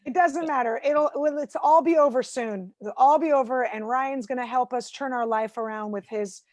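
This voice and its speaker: A woman's voice: sits high, moderate pace, darkish tone, no room sound. A woman stand-up comedian doing a rambling, self-mocking routine over a video call from home, full of "like"s.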